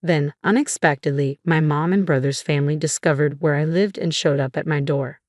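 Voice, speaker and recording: Female narrator with a deep voice, steady scripted storytelling, dry close voice-over. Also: brisk, dry recording.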